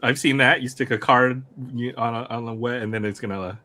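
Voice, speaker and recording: A man's voice: medium pitch, fairly even intonation, fairly quick, pushed and bright. A man in casual chat, easygoing and agreeable.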